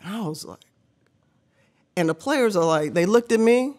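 A middle-aged woman, a podcast guest, telling an animated story, laughing often and acting out the voices of people she quotes. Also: mid-range voice, normal speed.

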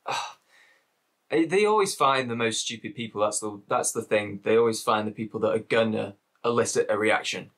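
A man's voice: on the low side, a bit bright. A man with an English Midlands accent ranting casually as a reaction video host, swearing and repeating himself.

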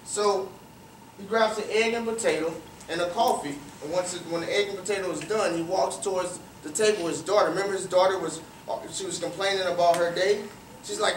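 In a large room full of young listeners, a male guest speaker at a youth cricket academy tells a motivational story quickly and in a steady tone, his voice sitting high. He poses questions to the audience and repeats phrases for emphasis. The audio is roomy and distant, with faint ambience and a little hiss or hum.

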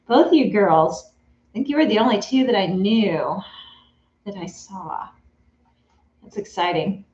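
A woman's voice: mid-range voice, measured pace, a little mellow. A woman hosting a live sewing stream from her home studio, chatting casually and greeting viewers by name. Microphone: camera mic in the room. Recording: roomy, slightly dull sound.

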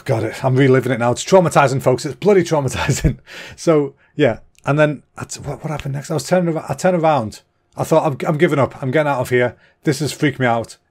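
Chatty sweary man. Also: medium pitch. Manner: chatty, self-deprecating, sweary. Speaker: comedy podcast host. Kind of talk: rambling comic storytelling.

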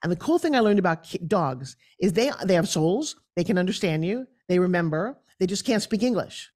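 A middle-aged woman speaking as a guest in an interview, telling lively stories and acting out other people's voices. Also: fairly quick. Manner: acts out quoted voices with big pitch jumps. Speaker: guest, pitch expert. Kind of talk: animated storytelling interview.

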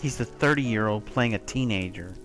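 A man giving loose let's-play commentary into his own mic, chatty and quick to curse. He talks straight to the creatures on screen. Faint game music plays behind him. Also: fairly low pitch. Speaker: gameplay commentator.

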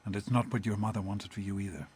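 An actor playing a gentle, protective father in a video game, speaking in a calm, earnest and reassuring way. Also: on the low side, fast talker, slight background noise, close to an everyday voice. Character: gentle protective middle-aged father, vault doctor. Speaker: father of the player character.

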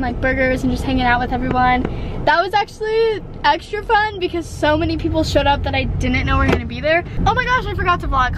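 A young woman vlogging casually on a handheld camera, bubbly and giggly, laughing often. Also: high voice. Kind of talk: casual vlog narration. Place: airport, then a family home. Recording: crowd noise behind.

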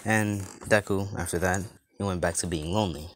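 Man, deep voice, casual storyteller, loose and rambling, lots of fillers. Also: steady tone, fairly quick, no echo. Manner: rambling, many fillers and restarts. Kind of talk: casual fan-story retelling.

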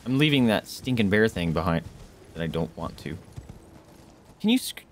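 Lively, excitable man streaming a game. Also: deep voice, fairly quick, slight background noise. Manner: excitable, reacting aloud and chatting with viewers. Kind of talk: live game commentary.

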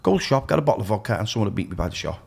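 A man with a Liverpool accent, guesting on a podcast as a DJ and telling blunt stories from his own life. His voice sits a touch low and comes out husky. He swears freely and trips into quick restarts. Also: very animated, a little mellow. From Liverpool, England. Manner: frank, heavy swearing, rapid restarts. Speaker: DJ and radio presenter, podcast guest. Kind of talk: candid storytelling in conversation.

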